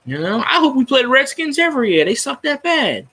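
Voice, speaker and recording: A high, lively male voice that swoops up and down as he rants, bright and forceful in tone. He talks like a fan hosting his own video, casual and profane, working himself up as he goes. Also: a little fast, husky. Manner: profane, fired-up ranting. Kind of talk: casual ranting fan chat.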